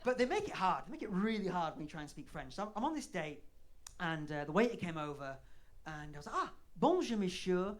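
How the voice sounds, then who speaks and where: A man's voice: on the high side, very animated, quick pace. A man in his late thirties with a Leeds accent, doing a flamboyant, self-mocking stand-up set on a comedy club stage. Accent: Northern English, Leeds. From Leeds, north of England. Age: 30s.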